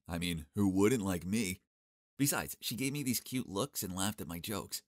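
A young man narrating a first-person animated story in a cocky, sarcastic, expressive way. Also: low-pitched, moderate pace, no echo, clean studio sound.

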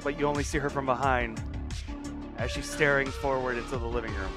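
A man's voice: medium pitch, steady tone, a little fast, over loud music. A man narrating a tabletop role-playing game as game master, laughing often as he goes.

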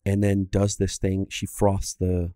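Casual low-voiced man telling a story. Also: completely flat delivery, measured pace, dark tone, smooth, dry recording, clean studio sound. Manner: storytelling, laughing, swearing. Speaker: podcast co-host. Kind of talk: casual chat.

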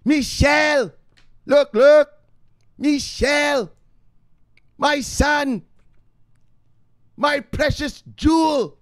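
A man voicing a doting, overbearing mother who calls out to her son in a shrill, melodramatic cry. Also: no echo, clean studio sound, full character voice. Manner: drawn-out, melodramatic calling.

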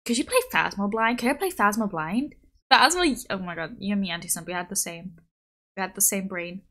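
This young woman talks casually as she streams a game, rambling with plenty of "like" and "um" as she goes. Her pitch sits in a plain middle range for a woman, and she speaks into a desk mic while on a call. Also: lively intonation, fairly quick, bright, forceful tone. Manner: chatty, rambling, many likes and ums. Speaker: VTuber streamer. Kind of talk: casual live-stream chat.

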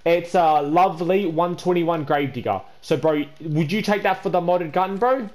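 A man hosting a gameplay video, stammering and repeating words, then scolding another player loudly. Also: a little high, normal speed. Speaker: gaming channel host. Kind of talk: casual gameplay chat.

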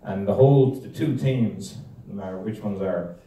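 A man's voice: on the low side, normal speed, dark tone, slight background noise. A man giving a rambling, joke-filled talk to a club, often restarting his sentences. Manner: rambling, joke-telling, self-interrupting. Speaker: guest speaker. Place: club meeting room. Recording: echoey room, distant mic.

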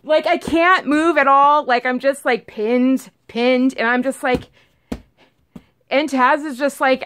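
A woman casually telling a storytime on her vlog, rambling and animated, acting out what everyone said. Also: high voice, measured pace. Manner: rambling, animated retelling full of "like" and acted-out quotes. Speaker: vlogger telling a storytime about her cat.

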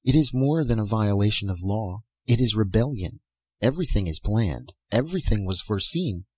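A man reading aloud and voicing a gentle, mournful young woman from a dream world, speaking tenderly and softly. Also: fairly low pitch, expressive, normal speed, slightly rough, no room sound. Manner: tender, soft-spoken pleading.

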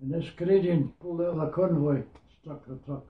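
A man's voice: on the high side, a little fast. A Scottish man in his nineties recalling his wartime years in a rambling storytelling manner, often repeating "I says". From Scotland. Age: 90s. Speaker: war veteran interviewee. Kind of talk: oral history reminiscence. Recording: echoey, tinny phone-like sound.

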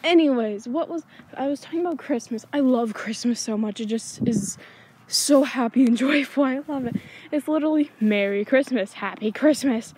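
On a chilly night out on her backyard swing, a vlogger chatters to herself in a scattered, easily distracted way, holding an iPod camera. Her high-pitched, slightly mellow voice moves at normal speed over slight background noise.

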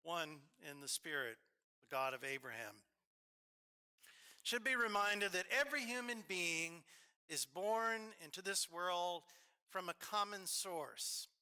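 Brief: man with an Alabama accent, eulogizing from a church, very bright, fairly high voice, anecdotal and halting. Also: expressive, smooth. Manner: storytelling, warm asides, hesitant fillers. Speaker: officiant. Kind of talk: eulogy at a memorial service.

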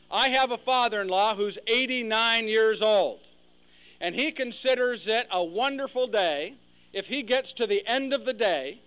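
A man's voice: high voice, pushed and bright, clear, resonant tone, poor audio. A man giving a humorous speech, telling jokes to a luncheon audience and acting out characters. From United States. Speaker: after-dinner speaker. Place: luncheon hall with live audience.

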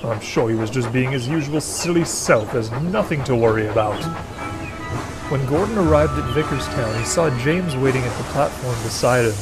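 Man narrating a storybook, gentle and measured. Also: medium pitch, expressive, over loud music.

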